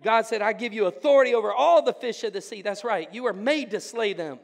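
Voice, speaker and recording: A man preaching a sermon as pastor, swinging between hushed intensity and loud exclamation. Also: high-pitched, a little fast, creaky, long reverb tail. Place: church sanctuary.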